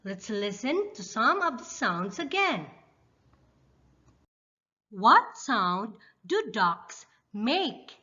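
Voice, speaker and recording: Brief: bright, very slow children's teacher, dull lo-fi sound. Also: female voice, on the high side. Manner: slow, lively, exaggerated teacher voice. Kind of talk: children's lesson. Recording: slightly dull lo-fi.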